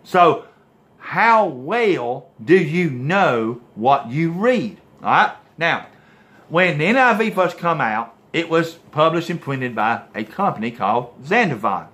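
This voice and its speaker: A man's voice: fairly high pitch, very animated, slow, a bit bright. A man preaching to a video audience in an impassioned, emphatic way. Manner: impassioned, emphatic, repeatedly saying "folks, listen".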